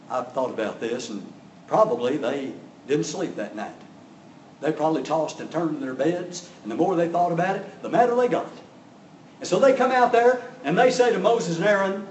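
A man preaching a sermon, telling the story with big swings from loud to soft. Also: a little high, slight background noise. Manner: dramatic storytelling with sudden loud rises and soft drops. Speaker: pastor. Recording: echoey room, voice from a distance.

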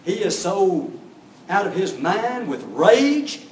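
A man's voice: high-pitched, very animated, slow pace, darkish tone, a little hiss or hum. A man preaching a sermon, telling the story with drama and acting out voices. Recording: echoey room from a distance.

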